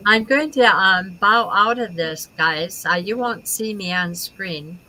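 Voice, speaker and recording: A woman's voice: medium pitch, takes it slowly, pushed and bright, rough recording. A woman hosting an interview over a video call, giving brief, encouraging replies. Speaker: interview host. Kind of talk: casual interview chat.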